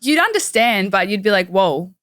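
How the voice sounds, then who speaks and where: The guest is a young woman with an Australian accent, a professional wrestler chatting casually in a studio interview and using "like" as a frequent filler. Her voice sits fairly low, moves at a moderate pace, and sounds a bit bright. No echo colors the clean studio sound.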